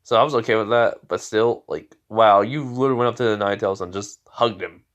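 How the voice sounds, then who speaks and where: A man's voice: fairly low pitch, fairly quick, fairly bright tone, lo-fi sound, close to an everyday voice. A man doing a brash teenage ninja boy. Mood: teasing.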